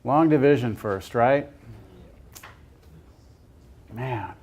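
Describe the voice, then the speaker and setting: A man's voice: medium pitch, extremely slow, highs cut off, slight background noise. A man teaching a calculus class, talking casually and joking as he works through problems aloud. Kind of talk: classroom lecture.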